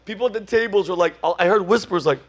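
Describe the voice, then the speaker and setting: A middle-aged man hosts a comedy podcast with a fairly high voice. He tells stories in an animated way, laughing and acting out what people said. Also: fast talker. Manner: animated, laughing, acts out quotes. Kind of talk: casual comedic storytelling.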